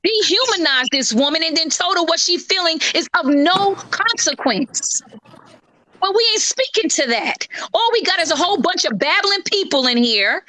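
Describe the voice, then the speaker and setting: Woman, live-stream co-host: very high, bright voice, fervent lecturing delivery. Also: no echo. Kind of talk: impassioned live-stream talk.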